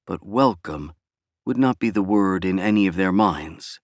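Low-voiced male audiobook narrator. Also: lively intonation, measured pace, no echo, studio quality. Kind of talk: scripted narration.

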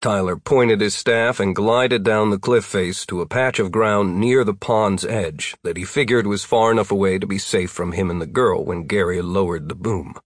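A man narrates a storybook with a wry, even delivery in a low voice. He is recorded close on a dry studio mic. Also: normal speed, few pauses, no room sound. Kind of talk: audiobook narration.

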